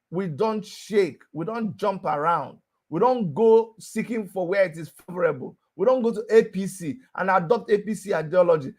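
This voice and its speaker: Male host, high-pitched, fiery and repetitive, firing off rhetorical questions. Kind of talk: heated political talk show.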